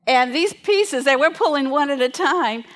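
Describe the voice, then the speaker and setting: A woman minister giving a sermon to her congregation. She tells stories in a chatty, lively way and laughs as she goes. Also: high voice, normal speed.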